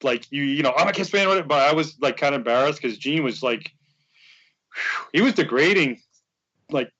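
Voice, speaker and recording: A man's voice: fairly high pitch, lively intonation, moderate pace, fairly bright tone, muffled recording. A man chatting as a podcast guest, rambling through a story and acting out the quotes. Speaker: guest, superfan. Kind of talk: casual podcast chat.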